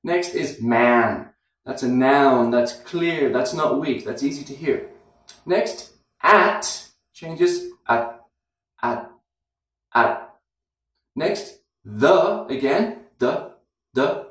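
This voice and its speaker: A man teaching English pronunciation, who repeats words and phrases slowly to demonstrate how they sound. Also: mid-range voice, expressive, a bit bright. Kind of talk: slow, deliberate teaching. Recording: very echoey room, somewhat far from the mic.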